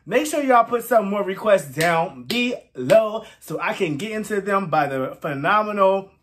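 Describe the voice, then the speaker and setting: Slow, effusive music reactor gushing. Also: medium pitch, expressive, a little hiss or hum. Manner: effusive, exclamatory, teary-eyed. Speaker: music reaction channel host. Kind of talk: casual reaction commentary.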